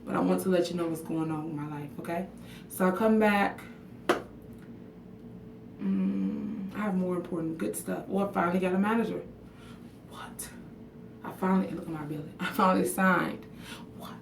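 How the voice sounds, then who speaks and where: A livestream vlogger talks straight to her viewers in casual chat, frank and emotional, swearing freely and calling out commenters by name. Her low voice has a gravelly fry, at a moderate pace with long pauses. She stands in her bathroom at home some way from the mic, so the sound is echoey with faint room noise.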